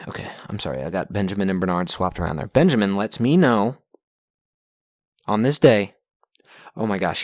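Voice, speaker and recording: Young man, low voice, dry close mic, sarcastic, swears a lot, journal-recap podcast. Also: a little mellow, dry recording. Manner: profane, sarcastic, easily exasperated. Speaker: podcast host reading his journal. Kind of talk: casual journal recap monologue. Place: home recording setup. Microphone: pop-filtered mic.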